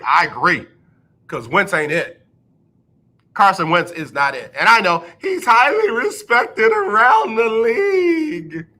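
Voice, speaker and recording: Bright-voiced sarcastic male sports host. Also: a little high. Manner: sarcastic, repeats lines for comic effect. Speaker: radio show host. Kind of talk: casual sports talk. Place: radio studio.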